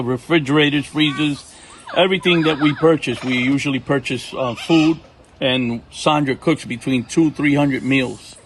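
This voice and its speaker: A middle-aged man from Puerto Rico, a ministry partner telling faith testimonies in an animated way, acting out what people said. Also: mid-range voice, noisy background. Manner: animated storyteller, acts out quotes. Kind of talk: testimony talk. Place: outdoors at home.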